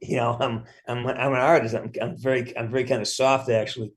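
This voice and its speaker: A man's voice: mid-range voice, flat delivery, brisk. A middle-aged man speaking as a guest actor in an interview, rambling with frequent restarts and casual swearing.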